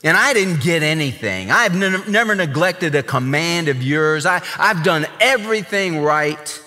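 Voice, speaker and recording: A bitter, resentful older brother, as a preacher acts him out, spits his grievances in a lively, bright-edged voice. His sneering complaint bounces up and down in pitch. It all rings with long reverb, like a church hall. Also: a little slow.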